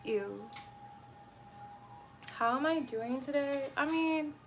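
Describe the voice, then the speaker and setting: A young woman streams live and talks straight to her chat. She sounds irritable and blunt and rambles as she goes. Her voice sits fairly high with a gravelly fry, and a faint hiss runs under it. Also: slow pace. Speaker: livestreamer. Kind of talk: casual livestream chat.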